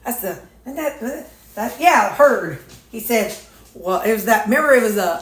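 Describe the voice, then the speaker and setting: A woman's voice: fairly high pitch, expressive, normal speed. A woman chatting casually in a folksy, rambling way, with a stuffy, runny nose. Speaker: weight-loss vlogger. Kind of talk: casual chat. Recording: echoey room, faint noise.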